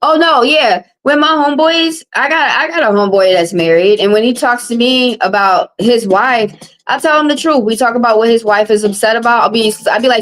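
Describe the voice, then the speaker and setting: A woman's voice: on the high side, a little fast, a bit bright, rough recording. A woman, a tarot reader live-streaming and chatting with viewers in a blunt, casual, profane way. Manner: blunt, casual, profane, talks straight to chat.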